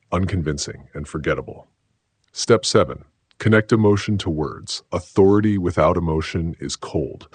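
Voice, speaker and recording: Very deep husky male narrator. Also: no room sound. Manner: slow, deliberate, measured delivery. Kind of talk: scripted motivational narration.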